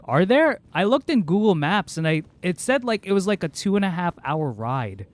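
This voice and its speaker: A man's voice: on the high side, big pitch swings. Chatty rambling man streaming a game. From Southern United States. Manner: rambling, chatty storytelling, quick laughs. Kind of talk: casual chat while playing.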